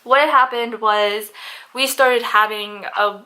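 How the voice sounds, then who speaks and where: A nineteen-year-old woman vlogging a casual storytime, chatty and animated, swearing freely and filling with "like" and "um". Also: on the high side, slow pace. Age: young adult.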